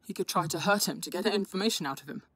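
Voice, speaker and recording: A woman voicing an anxious young man whose voice is rough and strained. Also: medium pitch, quick pace, background noise, natural voice. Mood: worried. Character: shaken young man, anxious older brother.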